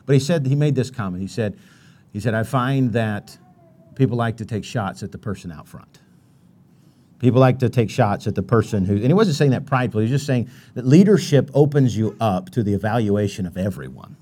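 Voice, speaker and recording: A man's voice: on the low side, brisk, dark tone, slightly rough. Man preaching a conversational sermon. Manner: conversational preaching with many restarts, quoting Bible verses.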